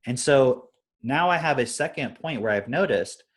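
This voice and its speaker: A man's voice: medium pitch, lively intonation, moderate pace. A young adult man on a live stream, casually explaining his parenting approach through stories and often checking in with "right?".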